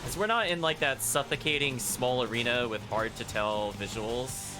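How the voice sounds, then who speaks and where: A man's voice: mid-range voice, normal speed. A man streaming a video game, talking through his choices in a chatty, analytical way on a headset mic. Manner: chatty, analytical, uses fillers like 'like'. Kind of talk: casual gameplay commentary. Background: game music.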